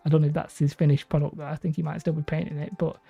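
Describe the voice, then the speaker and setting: A woman's voice: deep voice, level tone, very fast, gravelly, husky. A woman hosting a hobby livestream, chatting casually with viewers and rambling between laughs. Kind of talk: casual livestream chat reading viewer comments. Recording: dull lo-fi stream audio with faint music.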